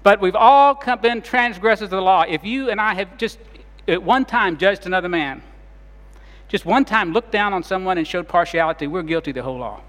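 A man preaching a sermon as pastor, retelling scenes dramatically and shifting between loud and soft delivery. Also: high-pitched, lively intonation, brisk, big-room sound.

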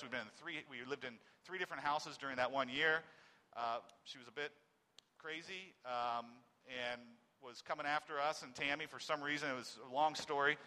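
A man in his forties tells a personal testimony in a bright, forceful voice that sits a little high for a man. He moves from loud, stressed words to near-silent, halting phrases. A long reverb from a large hall hangs on every word. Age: 40s. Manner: swings between loud emphasis and very quiet, halting speech. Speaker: speaker giving a personal testimony.

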